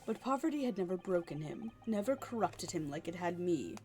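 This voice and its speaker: A woman voicing a bitter, ambitious man who confesses his crimes in a steady, measured reading. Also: lowish voice, voice pushed down, close to an everyday voice. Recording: faint music behind.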